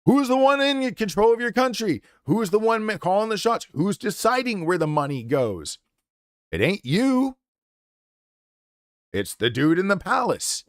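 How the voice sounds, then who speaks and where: A male streamer in the middle of an unscripted rant, blunt and full of swearing. His voice sits a little high for a man. The sound is dry, with no room echo. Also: sing-song, moderate pace, hardly any pauses. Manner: profane, impassioned and blunt. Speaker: game streamer.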